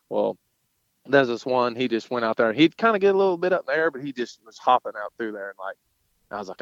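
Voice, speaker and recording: A man's voice: fairly low pitch, animated, fast talker, no echo. A man, telling rodeo stories in a casual, folksy way with lots of fillers and mild cursing. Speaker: podcast guest, rodeo cowboy. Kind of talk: casual storytelling. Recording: dull lo-fi sound.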